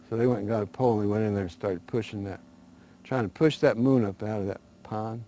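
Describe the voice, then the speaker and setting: A man telling traditional folktales in a relaxed, conversational way, with small restarts. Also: on the low side, fast talker. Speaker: storyteller guest. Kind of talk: oral folk storytelling.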